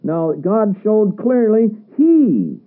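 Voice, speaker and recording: A man's voice: high voice, huge pitch swings, extremely slow. A man preaching a sermon, reading scripture aloud and pressing his listeners with emphatic rhetorical questions. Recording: tinny radio broadcast sound.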